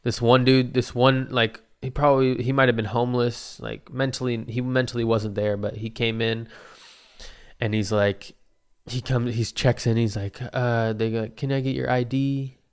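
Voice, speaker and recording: A man's voice: mid-range voice, level tone, normal speed, smooth. A young man telling a rambling, profane story in a casual monologue, often laughing at his own asides.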